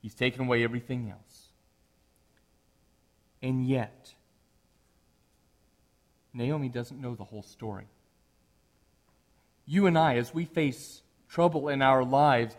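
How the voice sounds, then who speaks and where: A middle-aged man, a pastor, preaching a sermon in a conversational way that rises at times to animated emphasis. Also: medium pitch, measured pace, pauses often.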